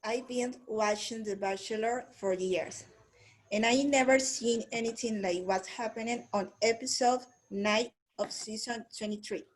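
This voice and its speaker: Woman student on a video call, higher voice, reads a paragraph aloud with care. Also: measured pace, poor audio. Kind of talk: reading a text aloud in class.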